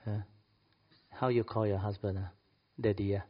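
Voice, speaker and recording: A man's voice: on the low side, level tone, moderate pace. Playful Malaysian man preaching in an echoey hall. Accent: Malaysian English. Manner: playful, laughs often, acts out little quoted dialogues. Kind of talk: sermon to an audience. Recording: echoey hall, dull lo-fi sound.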